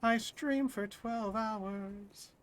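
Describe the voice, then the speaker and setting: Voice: mid-range voice, drawn-out words, a bit bright. A streamer doing live commentary over a hard video game, exclaiming at each death and laughing it off.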